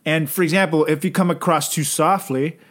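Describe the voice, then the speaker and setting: A man's voice: fairly high pitch, fairly even intonation, fairly quick. A man co-hosting a podcast, chatting casually and spinning crude, absurd jokes. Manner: jokey, crude, spins absurd tall tales. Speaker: podcast co-host. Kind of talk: casual comedic chat. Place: home, over a podcast setup.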